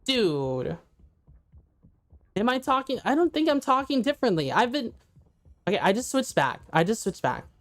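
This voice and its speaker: An excitable woman streamer with a slightly higher voice, chatting with her live audience. She sounds a little congested and stuffy. Her talk is loose and quick to react, picked up on a condenser microphone. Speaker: VTuber game streamer. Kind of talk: casual live-stream chat.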